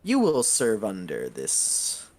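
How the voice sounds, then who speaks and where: A man voicing a sly, commanding female ruler of hell with a slow, teasing menace in a tabletop game. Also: on the low side, huge pitch swings, darkish tone, exaggerated voice.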